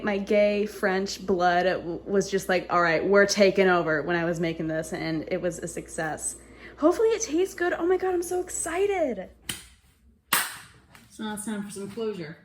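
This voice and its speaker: Excitable woman baking in an echoey kitchen. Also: medium pitch, a little hiss or hum. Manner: excitable, swears freely, laughs often. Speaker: baking vlogger. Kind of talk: casual cooking vlog chat. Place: home kitchen.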